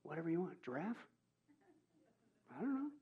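A man preaching a sermon as pastor, joking and animated, swinging from loud exclamations to hushed asides. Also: a little high, moderate pace, muffled recording.

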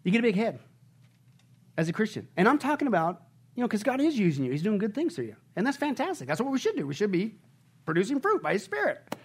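Male pastor, high and very expressive voice, energetic sermon delivery. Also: quick pace, slightly rough. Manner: animated preaching, shouting and laughing at peaks; asks the congregation questions.

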